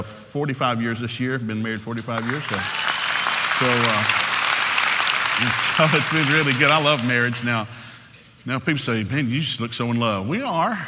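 A man in his sixties with a Southern US accent, preaching a joking, folksy sermon quickly in a large church hall. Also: mid-range voice, background noise. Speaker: pastor. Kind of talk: humorous sermon.

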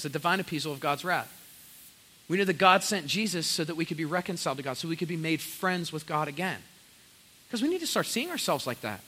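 A young man preaching as a pastor, telling lively stories with quick voiced asides. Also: high voice, slightly rough, low-quality recording. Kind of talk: sermon.

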